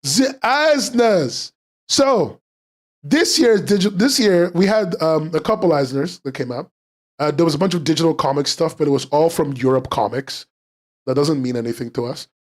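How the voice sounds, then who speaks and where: A man hosting a casual live-streamed podcast, rambling and swearing freely, and quickly getting worked up as he reacts to chat. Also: on the high side, expressive.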